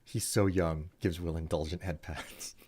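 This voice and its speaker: A man's voice: deep voice, fairly even intonation, a little slow, a little mellow, husky. A man streaming live, giving casual commentary and thinking aloud with frequent restarts.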